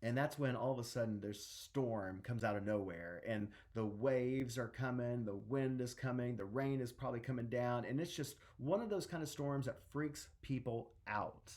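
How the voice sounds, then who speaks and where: A man's voice: mid-range voice, moderate pace, hardly any pauses, darkish tone. A middle-aged man preaching a sermon as a minister, talking conversationally with restarts and acting out the people in a story.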